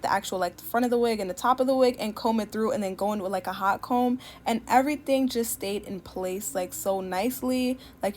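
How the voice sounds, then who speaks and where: A young woman giving a casual voice-over for a wig tutorial, talking fast and packing in "like" and other fillers. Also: mid-range voice, a little hiss or hum. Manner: chatty, fast, many "like" fillers. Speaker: beauty YouTuber. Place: home, voice-over recorded separately.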